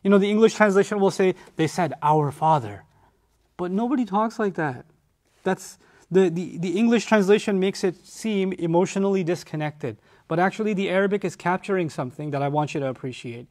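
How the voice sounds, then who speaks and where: A man giving a conversational Quran lesson, animated, explaining by acting out what people say. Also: high voice, brisk. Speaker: Quran teacher.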